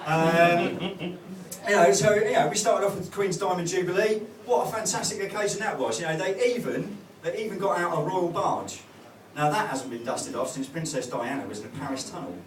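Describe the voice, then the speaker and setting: Here the man's voice sits high and runs a little fast. He's on a comedy club stage doing a hesitant, rambling set packed with fillers and false starts. The audio is distant and roomy, and a loud crowd laughs throughout.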